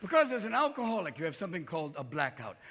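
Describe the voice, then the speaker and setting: On a theater stage, a man in his fifties does manic, rapid-fire stand-up, leaping into voices. His fairly high voice is very animated, a bit bright, with a breathy edge, and a faint crowd is audible in the live recording's long reverb.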